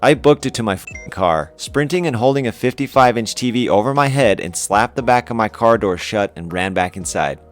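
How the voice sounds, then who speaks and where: A man's voice: medium pitch, animated, moderate pace, hardly any pauses, faint music behind. A man hosting a story channel, reading online stories aloud with casual, wry commentary.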